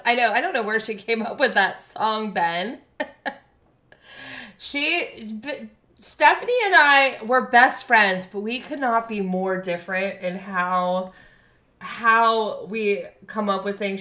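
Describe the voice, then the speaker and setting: Bubbly female streamer chatting with chat; bright tone, slow easy pace. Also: mid-range voice, echoey room. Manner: bubbly, reads and thanks chat, laughs often. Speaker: game streamer. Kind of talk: live game stream chat. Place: home room.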